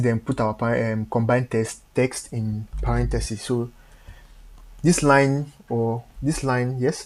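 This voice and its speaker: A man hosting a live stream and walking through code step by step. He talks haltingly, with frequent fillers and self-corrections. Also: medium pitch, darkish tone. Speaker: coding tutor on a live stream. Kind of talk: step-by-step coding walkthrough.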